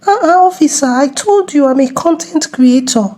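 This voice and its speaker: A woman's voice: high-pitched, lively intonation, normal speed, dark tone. A woman playing a self-assured young social media influencer, explaining herself with exasperation. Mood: exasperated.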